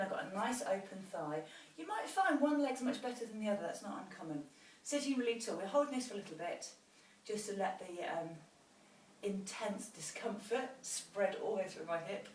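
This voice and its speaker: A female fitness instructor with a mid-range voice leads a post-run stretching routine, demonstrating each stretch and encouraging the viewer. She's recorded from a distance, off-mic, giving a roomy sound with faint noise.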